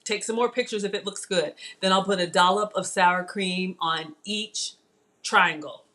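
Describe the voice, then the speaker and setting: A chatty, excitable middle-aged cooking show host streams a casual demo from her home kitchen, repeatedly calling out to viewers as she works. She talks in an unhurried, mid-range voice, and there's a little hiss or hum in the audio.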